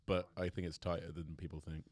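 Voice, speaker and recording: A man's voice: sits low, level tone, fairly quick, a little mellow. A man co-hosting a casual rugby podcast, bantering about match picks and often trailing off mid-thought. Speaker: podcast co-host. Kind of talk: casual chat.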